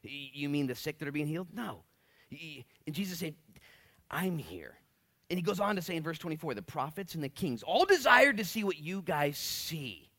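A man in his late thirties preaching a sermon. His voice is bright and forceful. He tells stories with lively energy and acts out quotes, jumping from soft asides to loud exclamations. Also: a little high, moderate pace. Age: 30s. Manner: animated storytelling, big swings in loudness, acts out quotes. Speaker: pastor.

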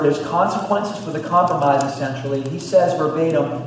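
Male pastor, mid-high voice, emphatic sermon, heard from afar in a long-reverb hall. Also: fairly quick, a little hiss or hum. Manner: emphatic, repeats phrases, swings between loud and hushed. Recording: echoey hall, distant mic, faint ambience.

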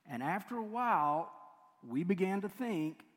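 A man's voice: sits high, animated, measured pace. A man preaching a sermon as pastor, chatty, laughing often and breaking off mid-sentence. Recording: long reverb of a large hall.

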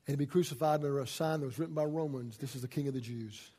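A man preaching a sermon as a pastor, folksy and swinging from loud emphasis to hushed asides. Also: mid-range voice, very fast.

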